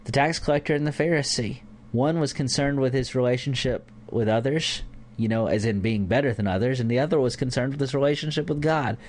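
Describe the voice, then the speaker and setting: A man's voice: medium pitch, brisk. Man giving a casual Bible lesson. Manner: informal, with fillers and acted-out examples. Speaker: church teacher.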